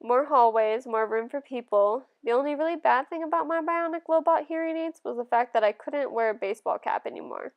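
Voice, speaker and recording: A woman reads a first-person novel aloud in a gentle, steady way. Her voice sits somewhat high with a gravelly, creaky edge. The telling stays calm and even. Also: fairly quick, hardly any pauses, highs cut off. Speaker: audiobook reader.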